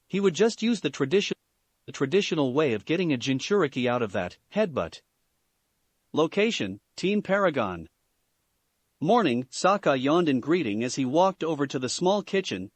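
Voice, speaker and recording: A man reading a fan story aloud in a steady, expressive storytelling manner. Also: a little high, dry recording. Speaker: fan fiction narrator.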